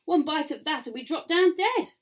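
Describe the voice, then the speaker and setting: A woman voicing an eager, excited little boy in a picture-book reading. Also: sits high, normal speed, pitched above the performer's own voice. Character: cheeky little boy hungry for adventure.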